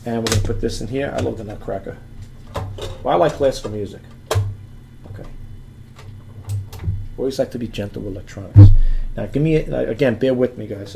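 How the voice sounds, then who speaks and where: A man with a gravelly, mid-pitched voice talks viewers through a gadget in a loose, rambling way. He keeps restarting sentences and drifts off-mic now and then as he handles the item. A faint background hiss sits under the recording. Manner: rambling, chatty, often restarts sentences and addresses viewers as folks and guys. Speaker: eBay seller vlogger. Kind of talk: casual product demo to camera.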